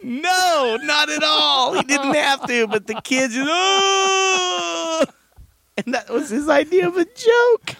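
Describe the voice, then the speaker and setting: A man's voice: extremely high pitch, lively intonation, measured pace, few pauses, crowd noise. A man co-hosting a podcast, telling family stories in casual comedic chat, laughing often and acting out quotes in raised voices. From Southern Maryland. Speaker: podcast co-host.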